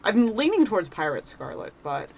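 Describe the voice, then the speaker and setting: A woman streaming a game, chatting casually and reading character lines aloud in a rough put-on voice. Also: mid-range voice, very animated, normal speed.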